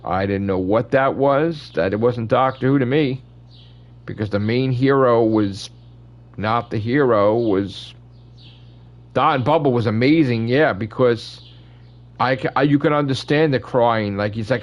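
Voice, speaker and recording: A man's voice: medium pitch, a little slow, highs cut off. A man hosting his channel, ranting in casual fan commentary with blunt opinions and constant swearing. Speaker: channel host.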